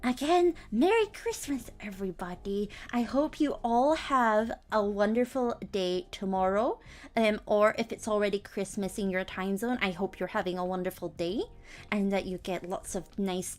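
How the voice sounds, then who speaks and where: A woman's voice: mid-range voice, expressive, measured pace. A young woman streamer chatting casually to her viewers, telling stories about her cats and laughing often. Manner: chatty storytelling, giggly, acts out her cats. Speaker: VTuber streamer.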